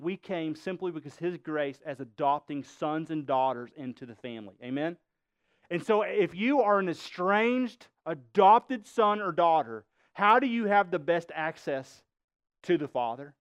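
A man's voice: high-pitched, clean tone, no room sound, dull audio. A male pastor preaching a sermon, emphatic, quizzing the congregation with rhetorical questions.

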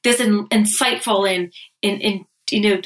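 A woman's voice: medium pitch, steady tone, measured pace, a bit bright. A woman co-hosting a paranormal podcast, telling stories in casual chat with lots of "like". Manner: chatty storyteller, many "like"s. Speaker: podcast co-host.

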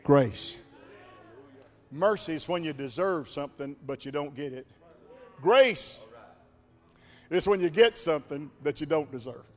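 A man preaching a sermon as pastor, dramatic, swinging from hushed to shouting. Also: fairly high pitch, moderate pace, in a large hall.

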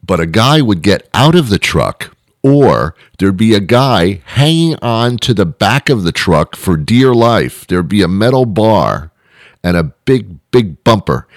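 Middle-aged male host, very deep voice, rambling comic monologue, deadpan wit. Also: no room sound, clean studio sound. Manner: rambling, wry, deadpan asides. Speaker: show host. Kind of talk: comedic monologue.

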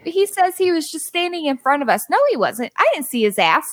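Young woman podcast guest, very high and sing-song, exasperated and profane, casual storyteller. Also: brisk, very noisy. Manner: animated, exasperated, swears freely.

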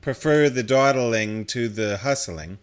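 A man's voice: mid-range voice, unhurried, smooth. A man co-hosting a casual discussion podcast, explaining ideas at length in a thoughtful way. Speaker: podcast co-host.

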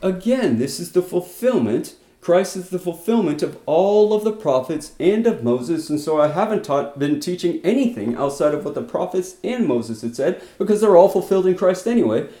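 A man teaching through a Bible passage, animated, acting out quotes with bursts of loudness and short laughs. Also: high voice, moderate pace, hardly any pauses, echoey room.

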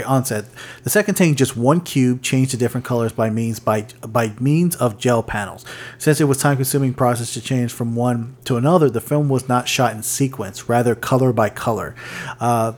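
Male podcast co-host, mid-pitched, loose and rambling, stumbles and restarts while reading notes. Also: darkish tone. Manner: rambling, many fillers and restarts, reads notes aloud. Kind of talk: casual chat.

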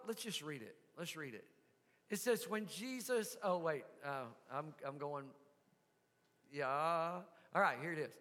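A man preaching a sermon, telling a story with soft asides and sudden loud shouts. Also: sits high, long reverb tail. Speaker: pastor.

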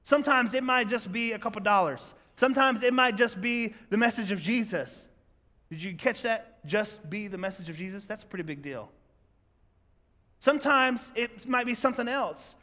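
In an echoey church sanctuary, a male pastor delivers a sermon with a very high-pitched, strained, bright voice. He addresses the congregation conversationally and tosses out rhetorical questions.

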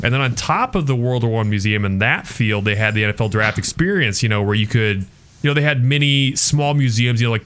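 A man co-hosting a sports podcast, telling a long story in a rambling, animated way with lots of fillers. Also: medium pitch, fairly quick, a little hiss or hum. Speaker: podcast co-host. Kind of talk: casual storytelling chat.

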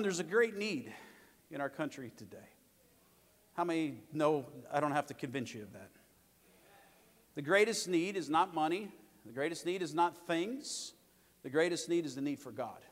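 A middle-aged male pastor preaching a sermon, telling lively stories with joking asides and calling out for amens. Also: a little high, vocal fry. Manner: lively storytelling with joking asides and calls for amen. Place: large church sanctuary. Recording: long reverb of a big church hall.

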